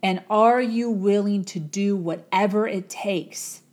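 A woman's voice: mid-range voice, takes it slowly, a little mellow. A woman telling a motivational parable in a dramatic, repetitive storytelling manner. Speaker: motivational speaker. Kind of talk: storytelling talk.

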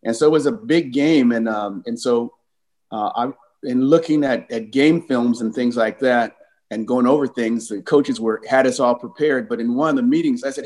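Older man telling lively stories. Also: mid-range voice, moderate pace, low-quality recording. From California. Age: 60s. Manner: animated, acts out the voices in his stories. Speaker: guest, former football player. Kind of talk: casual storytelling interview.

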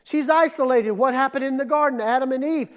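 A male pastor preaching a sermon in a church auditorium, in a conversational, animated way that keeps asking the congregation questions. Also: extremely high pitch, a little fast. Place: air-conditioned church auditorium.

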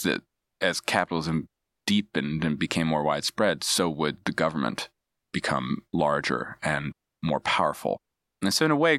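A man's voice: a bass voice, fairly bright tone, no echo, studio quality. A man speaking as a podcast guest, explaining ideas in a thoughtful, digressive way with frequent restarts. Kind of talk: casual analytical discussion.

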